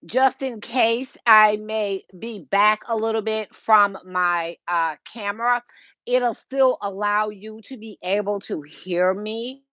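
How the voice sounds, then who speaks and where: A woman's voice: mid-range voice, steady tone, slow, a bit bright, no echo, highs cut off. A woman, hosting a casual home decor livestream and chatting with viewers by name, recorded through a Bluetooth earpiece. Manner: chatty, greets viewers by name, laughs often.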